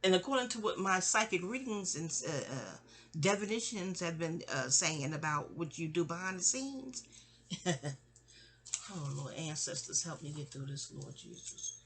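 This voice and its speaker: A woman's voice: lowish voice, animated, a little slow, a bit bright. A woman in her forties telling family stories in a rambling, candid way, trailing off and restarting. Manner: rambling, trails off and restarts, mimics people in quotes. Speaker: storyteller.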